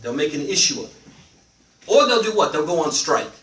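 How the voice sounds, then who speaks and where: A man teaching a live religious class, animated, often asking his listeners questions and letting them answer. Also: fairly high pitch, a little fast, long pauses. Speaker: Islamic teacher. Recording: roomy, from a distance, faint noise.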